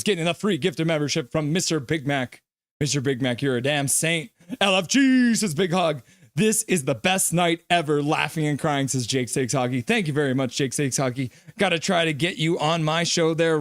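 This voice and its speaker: Male fan stream host, high and dry-sounding, excitable play-by-play caller who reads out the chat. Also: no echo. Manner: excitable, reads viewer comments aloud.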